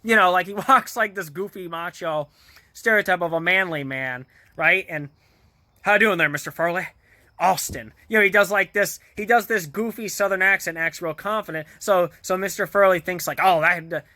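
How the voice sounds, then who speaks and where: A man's voice: sits high, normal speed, bright, forceful tone, dry recording. A man vlogger casually retelling a TV episode in a rambling way, full of fillers, restarts and small chuckles. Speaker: vlogger reviewing a TV show.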